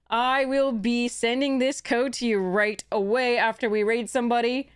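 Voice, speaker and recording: Smooth-voiced woman streamer chatting. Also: fairly high pitch, fairly even intonation, normal speed, hardly any pauses. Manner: rambling, chatty, many fillers and restarts. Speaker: game streamer. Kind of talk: casual live-stream chat.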